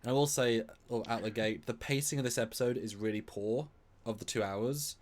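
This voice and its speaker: A man's voice: medium pitch, fairly quick. A man co-hosting a live-stream chat who rambles and repeats words as he thinks aloud. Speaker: co-host.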